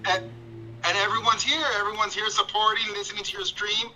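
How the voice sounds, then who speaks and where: High, sharp-voiced male caller. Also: flat delivery, fairly quick, soft background music, poor audio. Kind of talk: casual call-in chat.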